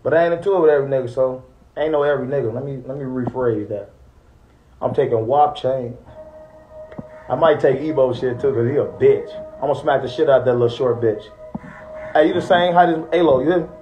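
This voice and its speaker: A man's voice: mid-range voice, fairly quick, dark tone, muffled recording, slight background noise. A young man in a boastful, threatening trash-talking rant aimed at rivals. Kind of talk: taunting rant to viewers.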